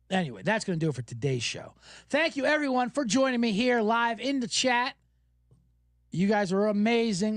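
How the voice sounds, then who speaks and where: A man hosting a podcast, telling stories in an animated, profane casual rant. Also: sits high, creaky, no room sound, studio quality. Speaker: podcast host.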